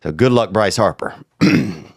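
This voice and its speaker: A man's voice: sits low, lively intonation, a little slow, slightly rough, no echo, studio quality. A sick, sniffling man hosting a podcast, riffing in a crude, slangy, rambling comic monologue. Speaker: podcast host.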